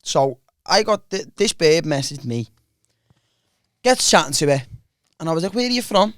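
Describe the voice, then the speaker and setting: A man's voice: fairly high pitch, animated, moderate pace, fairly bright tone, no echo. A young man, joking and teasing in casual podcast banter. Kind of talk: casual chat.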